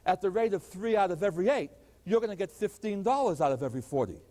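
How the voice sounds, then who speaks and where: A man's voice: high voice, animated, fast, dark tone. A man teaching a math lecture, explaining step by step and posing rhetorical questions to the class. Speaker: mathematics lecturer. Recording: long hall reverb.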